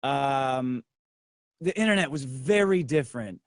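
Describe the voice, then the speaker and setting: A middle-aged man telling a profane, brash story in casual livestream talk, acting out other people's lines in a lower voice. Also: animated, a little slow, no echo, studio quality. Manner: acts out others' lines in a low voice. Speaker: guest.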